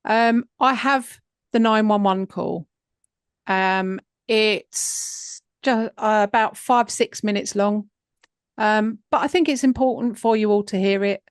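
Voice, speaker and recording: A woman narrates a true crime podcast at an unhurried pace, chatty and full of fillers. Her voice sits close to the mic with a dry, dead sound. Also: mid-range voice, clear, resonant tone, dry recording. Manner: unhurried, conversational, with many fillers. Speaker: podcast host.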